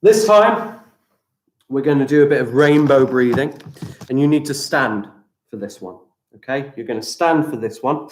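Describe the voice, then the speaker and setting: A man teaching children breathing exercises during a live stream, giving slow, gentle, step-by-step instructions. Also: mid-range voice, fairly even intonation. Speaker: primary school teacher. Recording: echoey room.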